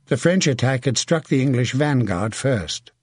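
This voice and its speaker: A man reading a historical battle story as a steady, vivid audiobook narrator. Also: medium pitch, normal speed, slightly rough, no room sound, clean studio sound.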